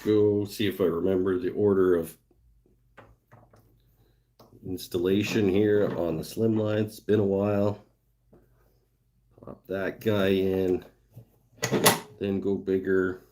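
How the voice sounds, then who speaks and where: This woodturning livestream host has a low-pitched voice and talks a little slowly, leaving long pauses. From his home workshop he reads out viewer comments and mutters while working, relaxed and thinking aloud.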